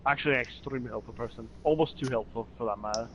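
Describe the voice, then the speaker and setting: A man's voice: mid-range voice, very fast, slight background noise. Scottish guy, playful tough-talk, fellow player on voice chat, muffled lo-fi sound. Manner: teasing mock-tough banter. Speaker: fellow player, streamer's boyfriend. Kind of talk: casual gaming chat over voice call.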